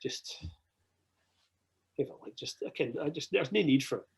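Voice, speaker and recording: A man with a Scottish accent, swearing freely as he tells animated anecdotes in a casual podcast chat. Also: medium pitch, normal speed, vocal fry, breathy edge, low-quality recording.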